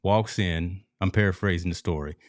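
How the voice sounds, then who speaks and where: A man hosting a casual sports talk podcast, telling stories in an animated way and talking straight to his listeners. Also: deep voice, moderate pace, no room sound, studio quality. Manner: animated storytelling, addresses listeners as folks. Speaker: podcast host.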